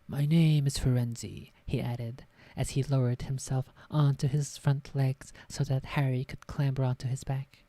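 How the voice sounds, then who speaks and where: A woman's voice: very deep voice, level tone, moderate pace, hardly any pauses, mellow, no room sound. A woman streamer reading a book aloud in a casual way, swearing at her own slips. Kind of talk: casual read-aloud narration.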